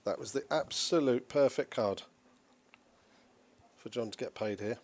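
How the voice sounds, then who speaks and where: A gravelly man calling poker hands play by play. His voice sits at a middle pitch with a rough edge, and he talks in a dry, measured way. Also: darkish tone. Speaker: poker commentator. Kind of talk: play-by-play commentary.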